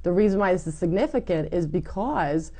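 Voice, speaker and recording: A middle-aged woman giving her personal testimony in an interview, animated and acting out what people said. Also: on the low side, a little fast. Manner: animated storytelling, acts out quoted lines. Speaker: guest telling her faith story.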